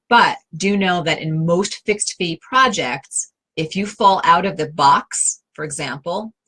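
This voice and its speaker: A woman's voice: on the low side, fairly bright tone, poor audio. Chatty New York woman advising. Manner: chatty, direct, many fillers and restarts. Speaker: interior design advisor and host. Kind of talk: answering viewer questions live.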